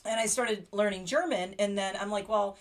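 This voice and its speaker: Casual streamer, woman in her thirties, chatty and excitable, quick to laugh, mid pitch. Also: a little hiss or hum. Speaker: livestream host. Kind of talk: casual livestream chat. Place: her home.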